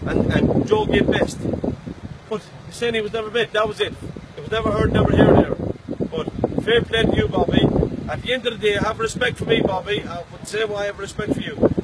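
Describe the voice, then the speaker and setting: A man's voice: sits high, steady tone, fast talker. A man sends a rambling, boastful challenge message outdoors, mixing greetings with repeated taunts. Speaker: bare-knuckle fight challenger. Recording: loud wind noise on the mic.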